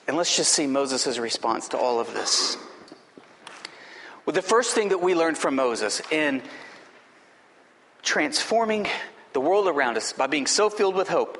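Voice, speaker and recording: A man pastor delivering an impassioned sermon, slowing down for emphasis and dropping to a hushed tone in prayer. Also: a little high, expressive. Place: church sanctuary. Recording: echoey hall, faint noise.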